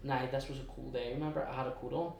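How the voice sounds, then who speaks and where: A young man with a Belfast accent tells his story in a chatty, halting way, often restarting and slipping into quoted asides. His voice sits at an ordinary middle pitch. It is heard from a distance in a very echoey room. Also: level tone, gravelly, darkish tone, a little hiss or hum. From West Belfast, Northern Ireland. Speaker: guest. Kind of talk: casual storytelling interview.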